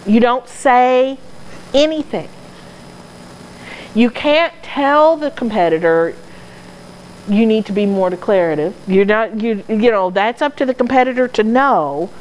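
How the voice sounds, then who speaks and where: A woman's voice: on the high side, a little slow, pauses often, a little hiss or hum, poor audio. A woman answering audience questions in casual talk, earnest and explanatory, now and then laughing at herself. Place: dog training club hall.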